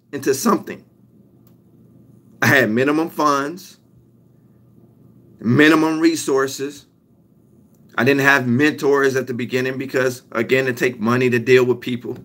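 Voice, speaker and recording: Stretching out his main lines for emphasis, a young man gives a repetitive, emphatic motivational talk. His voice is medium in pitch and a bit bright.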